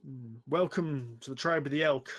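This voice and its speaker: A man voicing a gruff barbarian king of an elk tribe, speaking in a solemn, formal way over an online call. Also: mid-range voice, normal speed, a bit bright.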